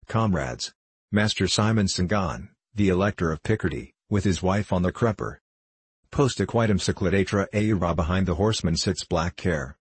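A man reading a classic novel aloud as audiobook narration, in a steady even manner. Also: low voice, husky, no room sound. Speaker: audiobook reader. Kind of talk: scripted narration.

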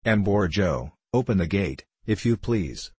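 A man reading the part of a composed valet giving orders in an audiobook, with a deep, husky voice. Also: unhurried, no echo, heavily acted. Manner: steady, commanding.

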